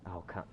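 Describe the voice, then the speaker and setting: A male streamer giving live gameplay commentary, rambling and self-critical about his own mistakes.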